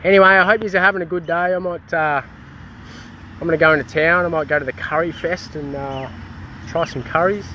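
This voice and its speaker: A man's voice: a little high, steady tone, brisk, pushed and bright, a little hiss or hum. An Australian man in a casual activist rant, heated and swearing, with many restarts, recorded outdoors in a town.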